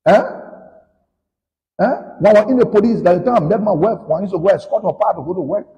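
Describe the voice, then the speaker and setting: A man with a Liberian English accent, a politician giving a combative, accusing rant that swings between shouting and muttering. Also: high voice, fast, big-room sound, highs cut off.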